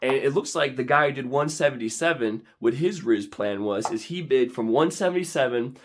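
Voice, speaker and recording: A young man telling an animated vlog story, excitable and prone to sudden dramatic squeals and shouts. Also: mid-range voice, fairly quick, a little hiss or hum. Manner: excitable, with big dramatic squeals and shouts when quoting himself. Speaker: vlogger.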